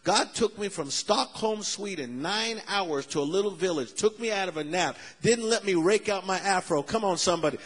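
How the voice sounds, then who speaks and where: Husky, high-voiced male preacher. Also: normal speed, hardly any pauses. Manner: animated, acts out the people in his story. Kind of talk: sermon storytelling.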